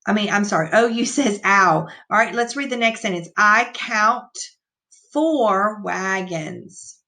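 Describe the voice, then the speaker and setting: A woman's voice: mid-range voice, fairly quick, sharp tone. A woman teacher reading a picture book aloud to young children, patiently explaining the words and counting the numbers out.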